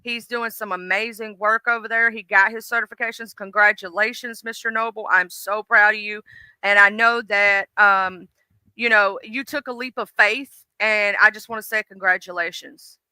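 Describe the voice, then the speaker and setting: A woman's voice: mid-range voice, fairly even intonation, moderate pace, bright, forceful tone, clean tone, dry recording. A middle-aged woman hosting a live stream in casual, rambling chat, full of fillers and restarts. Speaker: livestream host.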